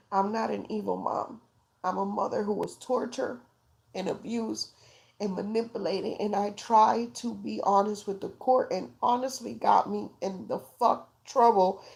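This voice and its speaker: A woman speaks in raw, emotional testimony about her life as a mother, pleading and close to tears. Her voice is a little high and carries a gravelly rasp. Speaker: mother telling her story.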